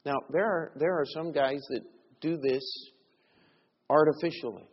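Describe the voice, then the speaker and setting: A middle-aged male preacher with a husky voice, telling stories from the pulpit. His words swing from hushed asides to raised, pressing points. The sound is dull and carries a long church reverb. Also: on the high side, moderate pace. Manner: storytelling, shifting between quiet asides and raised emphasis. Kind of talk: sermon. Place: church sanctuary.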